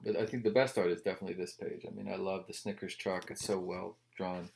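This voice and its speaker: A man's voice: low-pitched, flat delivery, fast talker, vocal fry, darkish tone, slight background noise. A man reviewing comic books in casual chat, rambling with wry, joking asides.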